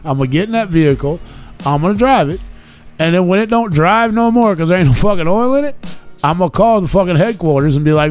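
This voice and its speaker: A man's voice: high-pitched, expressive, fast, faint music behind. A man co-hosting a podcast in casual chat, joking and swearing freely. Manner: profane, joking, laughs often. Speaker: podcast co-host.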